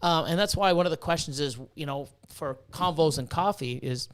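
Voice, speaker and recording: Podcast guest: a high-pitched man, excitable and profane, who acts out the voices in his stories. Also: normal speed. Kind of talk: casual storytelling.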